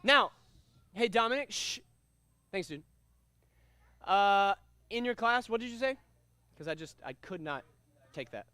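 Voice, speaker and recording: A man teaching a kids' karate class, energetic and upbeat, leading commanding call-and-response drills. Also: high voice, unhurried, long pauses, clear, resonant tone, no echo. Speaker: karate instructor.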